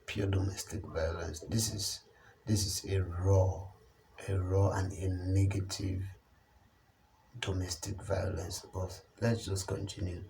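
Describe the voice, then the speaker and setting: A man with a low voice gives commentary on a news story in an unhurried way. He leans hard on his points and repeats phrases to stress them. A faint hum of noise sits under the voice. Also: creaky, mellow, low-quality recording. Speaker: online channel commentator.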